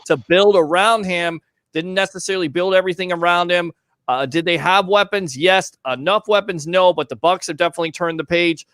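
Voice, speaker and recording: A man's voice: high-pitched, fairly quick, a bit bright, dry recording. A man hosting a casual call-in sports talk show, chatting and reading out viewer comments.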